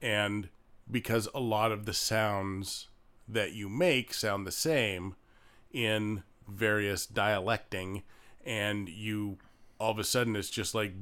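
A man's voice: fairly low pitch, steady tone, takes it slowly, a bit bright. A man co-hosting a casual chat, talking things through at an easy, musing pace. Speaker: podcast co-host.

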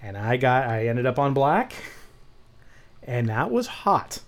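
A man co-hosting a podcast, telling animated stories in casual chat and swearing freely. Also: mid-range voice, slow pace. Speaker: podcast co-host.

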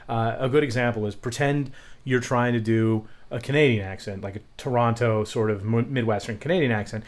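Casting: wisecracking male co-host, middle pitch, loose and chatty. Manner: jokey, quick asides, laughs easily. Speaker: podcast co-host. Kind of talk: casual chat about accents.

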